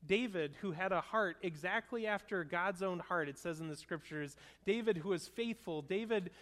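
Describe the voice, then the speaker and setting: A man in his thirties, a pastor preaching a sermon in an earnest, conversational storytelling way. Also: sits high. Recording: long hall reverb.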